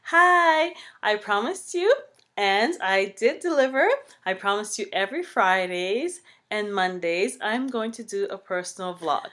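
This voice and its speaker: Young woman, Caribbean English accent, chatty storytime vlog, lively and expressive, drops into soft whispers. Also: medium pitch, a little slow. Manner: chatty, expressive, swings between loud and soft whispery asides. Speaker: vlogger. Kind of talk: casual personal storytime vlog.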